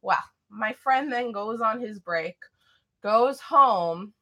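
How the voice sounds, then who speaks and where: A woman's voice: fairly high pitch, animated, takes it slowly, bright, forceful tone. A young woman vlogger chatting casually through a storytime, rambling with lots of fillers.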